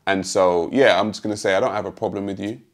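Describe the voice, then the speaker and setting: A British man hosting a response video, speaking in a measured, calmly pointed way straight to his critic. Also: sits low. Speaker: host answering a critic. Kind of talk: direct-address response video.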